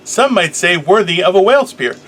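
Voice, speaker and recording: A young man co-hosting a loose, jokey podcast, with a bright voice that sits a little high. He teases his partner and wanders through half-baked theories, over a faint hum of background noise. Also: animated, brisk. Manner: joking, teasing, rambling theories. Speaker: podcast co-host. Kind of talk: casual banter podcast.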